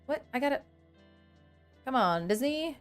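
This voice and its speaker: With faint music playing behind her, a woman in her thirties runs a casual livestream in a high voice at a measured pace. She chats with animation, reads out the chat, and laughs a lot.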